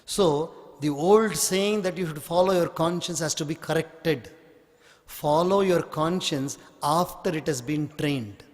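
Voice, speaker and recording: A man preaching a storytelling sermon, slow and emphatic. His voice is high for a man. It carries a long reverb from a large hall. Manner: slow, emphatic, acts out scenes. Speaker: spiritual teacher.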